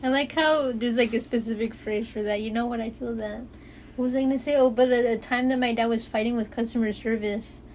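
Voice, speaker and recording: Lively young woman, high voice. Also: a little fast, a little hiss or hum. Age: young adult. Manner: animated storyteller, acts out quotes, swears freely. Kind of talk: casual chat.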